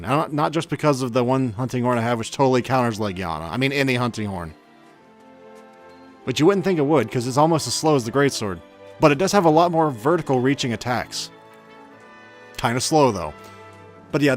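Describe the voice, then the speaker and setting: A man giving casual gameplay commentary as a channel host, chatty and self-mocking with grumbling asides. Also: mid-range voice.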